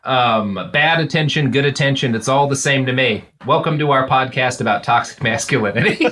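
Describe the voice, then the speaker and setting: A man hosting a comedic podcast, joking in a deadpan, self-satisfied way. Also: mid-range voice, fairly quick, noisy background. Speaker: podcast host.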